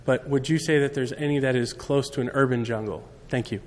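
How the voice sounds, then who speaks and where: A man's voice: medium pitch, steady tone, a little fast. A man in the audience asking a hesitant question full of fillers. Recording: echoey hall, faint background noise.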